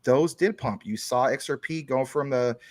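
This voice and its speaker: A man's voice: medium pitch, moderate pace, darkish tone, no echo. A man talking as a guest on a casual chat show, explaining things at length through long everyday analogies.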